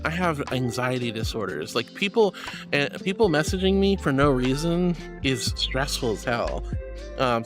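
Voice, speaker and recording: Live-streaming in a virtual world, a man chats casually and gushes over his viewers in playful, excitable bursts. He also sounds a little high.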